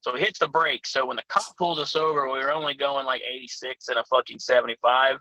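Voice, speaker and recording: A man's voice: medium pitch, steady tone, fast talker, bright, forceful tone, no echo, dull audio. A man telling profane, rowdy road stories in a casual chat as a guest. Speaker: pro wrestler guest.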